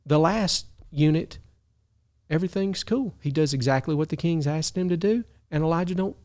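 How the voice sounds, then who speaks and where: A man hosting a video who tells a story in casual talk, animated, chuckling often and restarting his sentences. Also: a little high, moderate pace. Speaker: video host.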